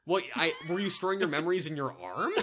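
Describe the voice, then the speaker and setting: A man with a bright, forceful voice co-hosts a podcast, talking in a loose comedic way. He throws in quick jokey asides and often stops to fix his own words mid-sentence. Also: sits high. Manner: jokey, quick asides, frequent self-corrections. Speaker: podcast co-host. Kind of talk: casual comedic chat.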